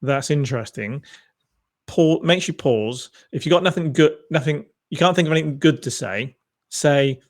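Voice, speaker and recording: A man's voice: fairly high pitch, moderate pace. A man interviewing a guest, asking and musing in a thoughtful, hedging way. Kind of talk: conversational interview.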